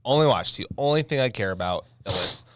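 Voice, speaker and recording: A young man co-hosting a trading recap show, cracking deadpan jokes and then walking through his trades step by step. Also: fairly low pitch, fast, no room sound, clean studio sound. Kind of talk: casual chat walking through stock trades.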